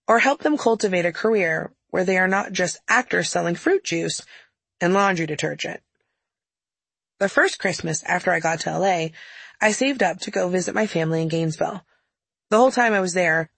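A woman's voice: lowish voice, vocal fry, slightly rough, no room sound. A woman narrating her own audiobook memoir in a candid, wry storytelling manner, close to the mic.

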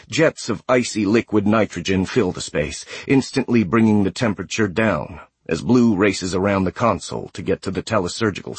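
A male audiobook narrator with a deep, husky voice reads scripted narration, with no echo present. His storytelling is steady and measured.

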